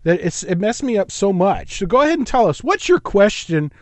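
A man's voice: sits high, sing-song, brisk, no echo. A man from East Los Angeles hosting a call-in talk radio show, rambling and jumping between topics.

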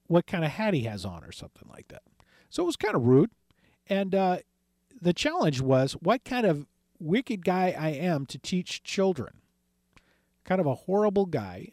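A man's voice: a little high, a little mellow, no room sound, studio quality. A male radio call-in host telling a long story in a rambling way, acting out past conversations and often correcting himself. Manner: retells conversations, frequent self-corrections.

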